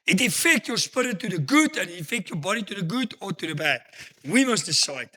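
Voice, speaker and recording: A man's voice: high voice, sing-song, fairly quick, bright, forceful tone. A man pastor preaching a sermon in an emphatic, storytelling manner, full of rhetorical questions.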